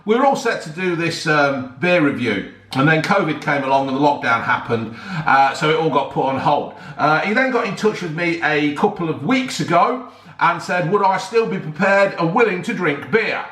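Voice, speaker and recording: A chatty man talks to his viewers in a loose, rambling way, tripping over tricky words and calling everyone "folks". His voice sits a little high for a man. The sound is roomy, with a clear echo around him. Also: expressive, moderate pace, fairly bright tone. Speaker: YouTuber reviewing a beer. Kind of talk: casual rambling chat to viewers.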